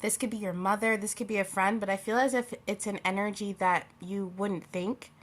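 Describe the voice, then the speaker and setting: A woman's voice: medium pitch, fairly even intonation, a little fast, fairly bright tone. A young woman giving a casual tarot reading to her viewers, chatty and rambling, often losing her thread and laughing. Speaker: tarot reader.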